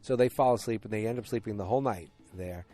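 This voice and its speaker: Rambling low-voiced man recapping. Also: fast talker, mellow, soft background music. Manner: rambling, self-correcting, many fillers. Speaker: podcast host. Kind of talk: casual solo episode recap.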